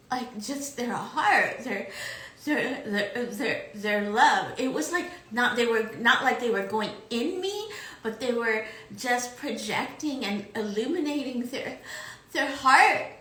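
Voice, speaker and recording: A woman in casual conversation, recounting a spiritual experience haltingly with many repeated words. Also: on the high side, fairly bright tone, echoey room, low-quality recording. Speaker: podcast co-host.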